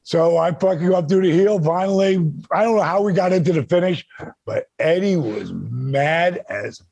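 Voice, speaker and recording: A man's voice: high-pitched, normal speed, creaky, dry recording. A man hosting a podcast, telling a profane story in casual chat, swearing often and acting out the lines of others. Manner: animated, swears often, acts out shouted quotes. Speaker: podcast host.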